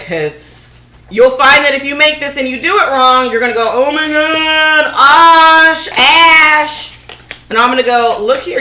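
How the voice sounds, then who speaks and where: A woman's voice: medium pitch, pushed and bright. A woman making laundry soap at home and chatting casually to viewers, joking as she works. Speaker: DIY vlogger. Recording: echoey room.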